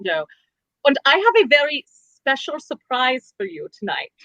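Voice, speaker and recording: A woman's voice: high-pitched, big pitch swings, moderate pace, bright, forceful tone, no room sound, dull audio. A woman co-hosting in playful in-character chat, with a theatrical manner. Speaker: co-host.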